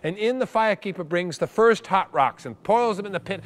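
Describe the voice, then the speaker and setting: Middle-aged man, wry, animated monologist, high voice, hum underneath. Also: brisk, few pauses. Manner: animated, wry, increasingly breathless. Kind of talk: theatrical storytelling monologue.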